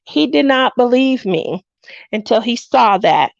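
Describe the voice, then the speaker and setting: A woman's voice: a little high, lively intonation, measured pace, gravelly, no echo, lo-fi sound. A woman in her fifties hosting a craft livestream, chatting casually and telling stories with frequent laughs, acting out what people said. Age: 50s. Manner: chatty storyteller who laughs often and acts out quotes.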